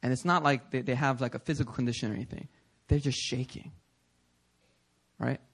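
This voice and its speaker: A male pastor delivering a conversational sermon in a church, animated and prodding the congregation with "okay?" and "right?". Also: medium pitch, a little fast, husky. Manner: acts out listeners' voices in quotes. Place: church sanctuary.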